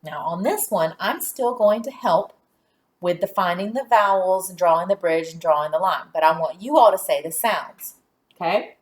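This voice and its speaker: In a lowish voice, a female teacher sounds out letters and syllables slowly for small children during a phonics lesson. She offers praise when they answer.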